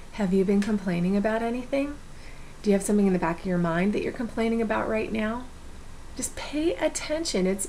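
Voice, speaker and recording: A woman's voice: mid-range voice, a little mellow, slight background noise, rough recording. A woman talking to camera in an earnest, encouraging way, giving casual self-help advice. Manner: earnest, encouraging, repeats words. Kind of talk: casual motivational talk to camera.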